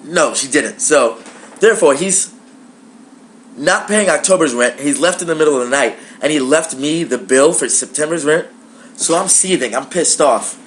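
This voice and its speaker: Animated, profane young male storyteller. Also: on the high side, moderate pace, a little hiss or hum. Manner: animated, profane, acts out dialogue. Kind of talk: casual personal storytelling to camera.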